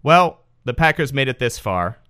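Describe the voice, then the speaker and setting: A man's voice: medium pitch, very animated, normal speed, pushed and bright, clean tone. A man hosting a podcast, reading a listener's email aloud in a joking, sardonic way. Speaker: podcast host.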